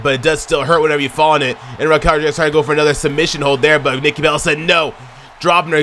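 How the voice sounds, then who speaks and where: A man giving excitable play-by-play commentary on a wrestling video game, chatting to viewers and shouting at near-falls. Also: a little high, a little hiss or hum. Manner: chatty, addresses viewers as y'all.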